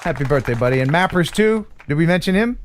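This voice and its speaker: A man's voice: on the high side, expressive, fast talker, slight background noise. A man, around his forties, hosting a casual live stream chat in a goofy, playful way and laughing often. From USA.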